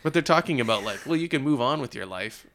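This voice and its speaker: A man with a gravelly edge to his voice talks through a film scene by scene in a loose, easygoing chat. He laughs a lot and slips into quick impressions of the characters as he retells their lines. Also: medium pitch, expressive, a bit bright, slight background noise. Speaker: podcast co-host. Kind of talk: casual film discussion.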